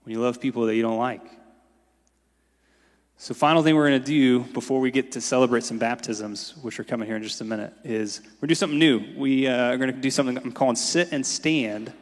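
A man with a mid-range voice preaches at a fairly quick clip, keeping things casual and chatty with plenty of "like"s. The recording, made in a church sanctuary, carries the long echo of a big hall.

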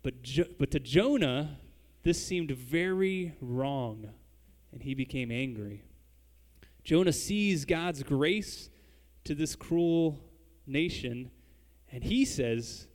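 Man, preacher, sermon, slightly high voice, long hall reverb. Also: animated, takes it slowly, darkish tone. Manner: conversational, addresses the congregation directly. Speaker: pastor.

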